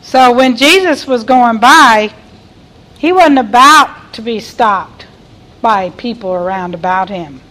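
A middle-aged woman delivers a sermon at an unhurried pace. She reads scripture aloud and puts questions to her listeners. Her voice sits a little high. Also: poor audio. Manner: reads scripture aloud and cries out quoted lines loudly. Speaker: preacher.

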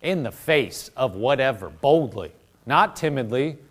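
A man's voice: mid-range voice, a little slow. A man preaching a sermon, calling on the congregation to repeat after him, with a conversational manner full of asides. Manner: lively preaching with call-and-response. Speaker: pastor.

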